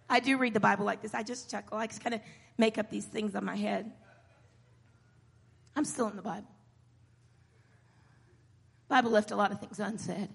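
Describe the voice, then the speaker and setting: A woman preacher delivering a sermon in a church hall, moving from quiet storytelling to shouted exhortation. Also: a little high, moderate pace, vocal fry, long pauses, husky. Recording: long hall reverb.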